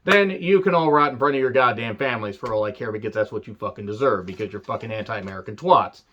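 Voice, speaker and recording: A man's voice: fairly low pitch, fast talker, fairly bright tone, dull audio. A man reviewing a wrestling show in a casual, rambling way, sarcastic and full of profanity.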